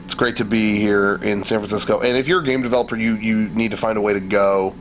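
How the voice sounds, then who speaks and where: A man's voice: on the low side, fairly even intonation, fast talker, slight background noise. A man co-hosting a podcast from a hotel room, telling stories animatedly and mimicking other people. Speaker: podcast co-host. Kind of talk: casual chat.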